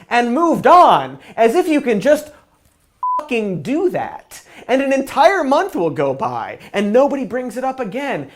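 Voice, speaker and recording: A woman's voice: medium pitch, big pitch swings, moderate pace. A woman hosting a comedic news commentary, sarcastic and profane, sounding exasperated with the news.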